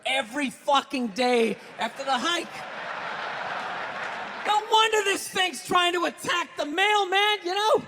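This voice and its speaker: A man's voice: extremely high pitch, animated, measured pace, big-room sound, crowd noise, background noise, voice pushed up, heavily acted. A man voicing a blunt, exasperated dog trainer who lectures in a matter-of-fact way. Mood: scolding.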